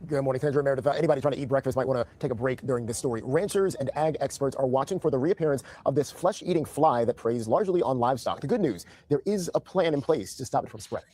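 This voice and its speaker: A man reading a TV news segment at a quick clip, in the polished, scripted delivery of a broadcast anchor. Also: mid-range voice, dark tone.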